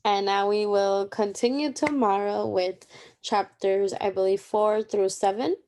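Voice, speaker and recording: In this laid-back Bible study commentary, a young woman walks through a daily reading in an informal, chatty way, often going off on tangents. She has a medium-pitched, darkish voice with fairly even intonation and a measured pace.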